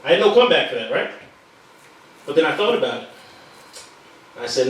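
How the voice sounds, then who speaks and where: A man's voice: sits high, moderate pace, pauses often. A man doing a stand-up routine on a comedy club stage, joking and ranting with mock anger. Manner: lively, joking, mock-angry rants. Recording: echoey room, distant mic, loud crowd.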